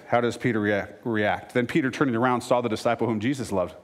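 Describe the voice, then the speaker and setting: Male pastor, mid-pitched, preaching; dramatic scripture reading, punches up quotes. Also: expressive, fairly quick, hardly any pauses. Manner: rises to emphatic, louder lines. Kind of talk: sermon.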